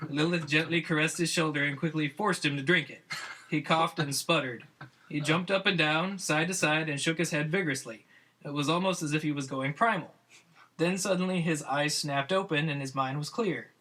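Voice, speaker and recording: Guy reading a goofy adventure story on a podcast, kinda high, bright voice. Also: moderate pace. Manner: amused, often laughing at his own story.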